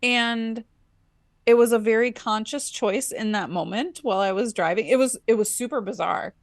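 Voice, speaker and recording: A woman's voice: a little high, moderate pace, no room sound, studio quality. A woman co-hosting a podcast, telling a personal story in casual chat and acting out the voices in it. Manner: animated storyteller, acts out her own inner voice and dialogue. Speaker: podcast co-host.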